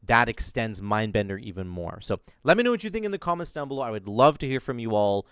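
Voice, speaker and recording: A man's voice: mid-range voice, very animated, quick pace, fairly bright tone, clear, resonant tone, dry recording, studio quality. A man giving enthusiastic, casual commentary over his own video game footage, explaining as he plays. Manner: enthusiastic, explains while playing. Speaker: gaming content creator. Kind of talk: gameplay commentary.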